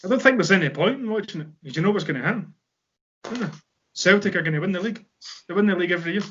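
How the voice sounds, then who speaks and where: A Scottish man co-hosting a podcast, chatting with quick, blunt remarks. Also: high-pitched, lively intonation, a bit bright, slightly rough. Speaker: podcast co-host. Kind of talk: casual chat. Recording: dull lo-fi sound.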